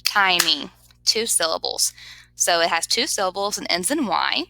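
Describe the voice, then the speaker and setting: A woman's voice: fairly low pitch, expressive, normal speed, gravelly, pushed and bright, poor audio. A woman teacher giving a grammar lesson over slides, patiently sounding words out syllable by syllable.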